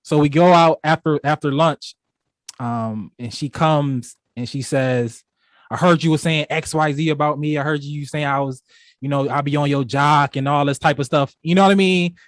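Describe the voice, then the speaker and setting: A young man with a fairly high voice tells a story on a casual podcast. He rambles and restarts often, leaning on filler phrases as he goes. The sound is dry and close. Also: normal speed, no room sound. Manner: rambling, full of "you know" and restarts. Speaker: podcast co-host.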